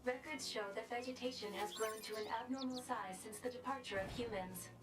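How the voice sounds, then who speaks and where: An actress voicing a flat, robotic support drone in a video game, speaking in a formal reporting tone. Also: female voice, on the high side, a little fast, loud music behind the voice, lightly acted.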